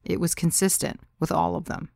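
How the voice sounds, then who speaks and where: A woman's voice: lowish voice, level tone, a little fast, creaky, a little mellow, no echo, studio quality. A woman narrating her own story in the first person, in a wry, confiding way.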